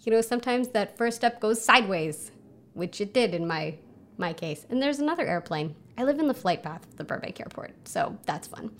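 A woman's voice: medium pitch, expressive, moderate pace. A woman hosting a casual solo podcast from home, chatty and self-mocking, with lots of fillers. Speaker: podcast host. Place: home under a flight path, planes overhead.

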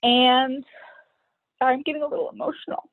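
A middle-aged woman telling her own story as an interview guest, hesitant and pausing often between her thoughts. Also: sits high, fairly even intonation, dry recording. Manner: hesitant, many pauses and fillers. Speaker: guest sharing personal story. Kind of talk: candid personal storytelling. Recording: tinny phone-like line, dry.

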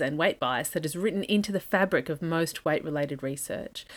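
A woman, a dietitian hosting an educational podcast, reading a scripted lesson in a measured, methodical way that moves through points in lists. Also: lowish voice. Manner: measured, methodical, list-like delivery.

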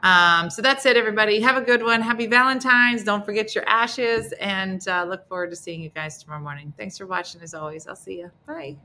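A woman's voice: medium pitch, fairly quick, few pauses, bright, forceful tone. A woman hosting a casual comedic morning show, playful and teasing, often laughing as she talks.

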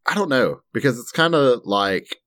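Joking American man with a lively voice. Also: medium pitch, moderate pace. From United States. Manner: self-deprecating, joking, laughs often. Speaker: podcast co-host. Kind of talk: casual chat.

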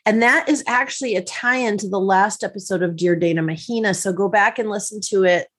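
A woman hosting a podcast as a life coach, talking in a lively, teasing and directive way. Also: mid-range voice, fairly quick, husky.

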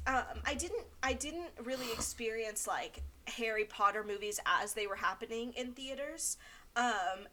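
A woman co-hosting a podcast in casual chat, excitable and gushing, with lots of fillers and laughter. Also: medium pitch, slight background noise. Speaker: podcast co-host.

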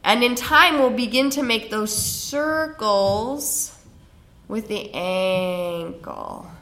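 A woman teaching a guided yin yoga class with slow, soothing spoken cues. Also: on the high side, pushed and bright. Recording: roomy echo with faint ambience.

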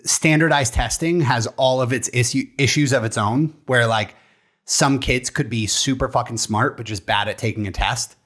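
A man's voice: medium pitch, moderate pace, fairly bright tone. A young man co-hosting a podcast, telling stories in a rambling, casual way and swearing now and then. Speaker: podcast co-host.

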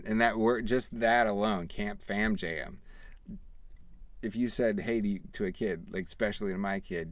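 A man in his thirties hosting a podcast, telling a family story in a rambling, animated way, acting out the quoted dialogue. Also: deep voice, normal speed, no echo. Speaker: podcast host. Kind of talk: casual storytelling.

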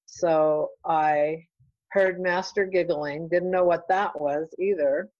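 A middle-aged woman, a real estate broker, talking in an earnest, heartfelt and halting way as an interview guest. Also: on the low side, steady tone, a little mellow, dry recording, highs cut off. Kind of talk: casual interview chat.

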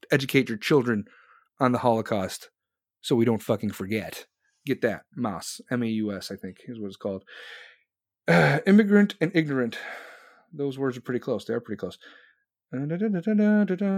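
The sound is clean studio audio without echo, and the voice is a man's at medium pitch. In his forties, he's hosting a live podcast, going through chat while swearing heavily and ranting in an angry, blunt way.

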